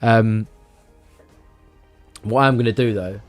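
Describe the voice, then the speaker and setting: Rambling low-voiced man streaming. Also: steady tone, slow pace, faint music behind. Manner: rambling, stammering, swears casually. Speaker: live streamer. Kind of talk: casual live-stream chat.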